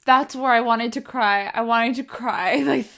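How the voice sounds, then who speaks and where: A young woman co-hosting a podcast, chatting playfully with quick, giggly reactions. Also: a little high, vocal fry, bright, forceful tone. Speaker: podcast co-host. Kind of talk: casual chat.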